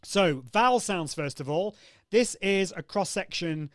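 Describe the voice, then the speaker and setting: Slightly high-voiced guy hosting a live coaching stream, upbeat, chatty with comments, dry close sound. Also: animated, measured pace, fairly bright tone, no room sound. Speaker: host of a live-video coaching show.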